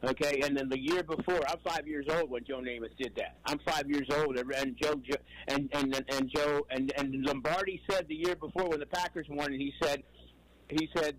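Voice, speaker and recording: A man's voice: a little high, steady tone, normal speed, slight background noise, poor audio. Rambling older male radio caller from New York. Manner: rambling, emphatic, repeats himself. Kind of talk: call-in radio chat.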